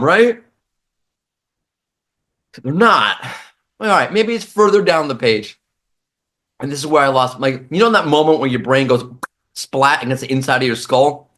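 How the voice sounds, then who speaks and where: A man's voice: high voice, fairly bright tone. A man with a New York accent ranting sarcastically as a brand marketing commentator.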